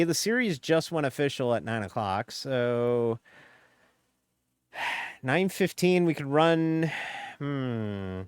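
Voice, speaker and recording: A man's voice: medium pitch, expressive, takes it slowly, pauses often, smooth, dry recording, clean studio sound. A man with a slightly nasal voice, chatting casually on a live stream and rambling with many fillers.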